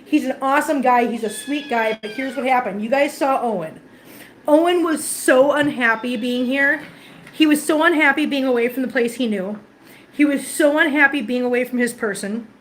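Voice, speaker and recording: A woman's voice: sits high, moderate pace. A woman vlogger who runs a cat rescue, telling a story to her viewers in casual, emotional, chatty talk from an indoor cat room. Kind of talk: casual live-stream chat to viewers. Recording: echoey room with faint ambient noise.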